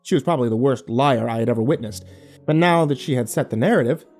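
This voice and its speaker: A man narrating a first-person horror story in a wry, animated way. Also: mid-range voice, quick pace, soft background music.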